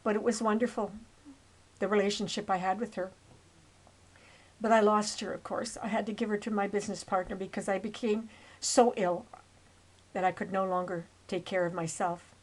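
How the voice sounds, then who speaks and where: A woman's voice: medium pitch, steady tone, moderate pace, pauses often, low-quality recording. Earnest, rambling woman in her seventies. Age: 70s. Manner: earnest and rambling, with restarts and asides. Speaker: narrator of her own life story. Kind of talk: personal storytelling over old photos.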